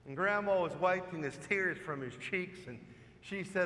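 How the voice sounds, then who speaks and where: Priest giving a homily, man with a high, bright voice, chatty storyteller, long echo of a church. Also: moderate pace. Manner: storytelling, conversational preaching with rhetorical questions. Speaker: parish priest. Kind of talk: sermon.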